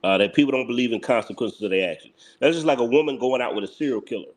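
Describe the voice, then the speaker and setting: A man's voice: medium pitch, rapid-fire. A man with a Philadelphia accent hosts a live commentary stream. He talks in a blunt, heated way, circling back over the same points with mocking laughs.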